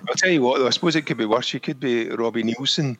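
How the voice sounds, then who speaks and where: A Scottish man in his forties co-hosting a podcast, chatting in a halting way and often repeating words. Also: mid-range voice, a crowd in the background, low-quality recording. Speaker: podcast co-host. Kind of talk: casual chat.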